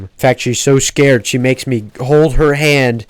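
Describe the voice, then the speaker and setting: A young man in his late teens telling a rambling, profane story in a casual, deadpan way. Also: mid-range voice, a little slow, clean tone, dry recording. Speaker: storytelling vlogger.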